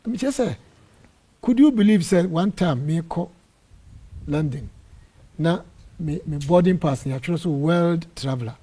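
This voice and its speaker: A middle-aged man from Ghana, an apostle, telling animated stories in an interview and acting out the dialogue. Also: fairly high pitch, unhurried, pauses often. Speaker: apostle and church area head. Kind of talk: storytelling interview testimony.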